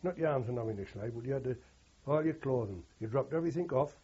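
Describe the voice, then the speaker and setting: A man's voice: medium pitch, lively intonation, fast talker, mellow, slightly rough. An older man, a war veteran telling rambling oral history anecdotes and quoting others with "he says". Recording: dull lo-fi recording.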